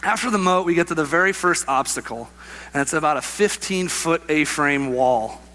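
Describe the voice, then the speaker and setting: A young adult man preaching a sermon, telling a personal story with lively acted-out voices and laughter. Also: on the high side, normal speed. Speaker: pastor.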